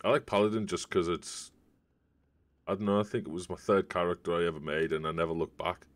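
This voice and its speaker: A man's voice: low voice, fairly even intonation, brisk. A man streaming a video game, chatting in a rambling, casual way to viewers as he plays. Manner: rambling, chatty, talks to viewers while playing. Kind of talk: casual gameplay commentary.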